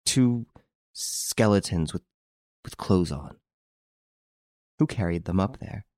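A man reading aloud and voicing an anxious, impulsive young woman who talks in an excitable, insistent way. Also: extremely low pitch, takes it slowly, no echo, studio quality, full character voice. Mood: horrified.

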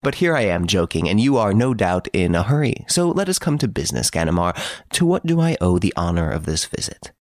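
A man doing a suave, teasing gentleman thief. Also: low-pitched, big pitch swings, brisk, no room sound, studio quality. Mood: mocking, playful. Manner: playful, teasing, boastful. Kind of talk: audiobook character reading.

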